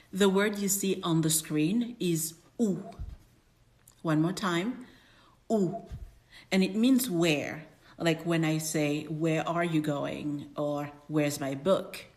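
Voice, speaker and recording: Low voice, slow patient woman french teacher, native french speaker, repeats stuff carefully for beginners. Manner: patient, careful explaining with repetition. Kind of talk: language lesson.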